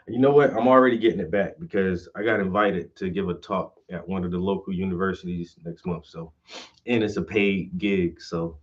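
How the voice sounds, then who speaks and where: A man's voice: low voice, fairly even intonation, brisk. A man who hosts his own channel as a painter, telling a story in casual, slangy, profane vlog style. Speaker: painter and host. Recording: slightly muffled lo-fi audio.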